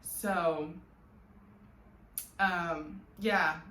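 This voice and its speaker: A woman's voice: on the low side, fairly even intonation, drawn-out words, sharp tone. Candid woman telling an emotional story. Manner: candid, emotional, laughs often, many fillers. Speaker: vlogger. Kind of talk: personal storytelling vlog. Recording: echoey room with faint background noise.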